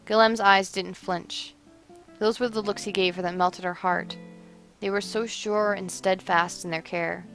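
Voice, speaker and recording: A woman's voice: medium pitch, faint music behind. Woman reading a romance story aloud. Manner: expressive, measured storytelling. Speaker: narrator.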